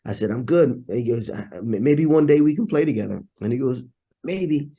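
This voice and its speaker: A man's voice: mid-range voice, brisk, dark tone, breathy edge. A man, a trumpet player and interview guest, telling stories in casual conversation and acting out the voices of people he quotes.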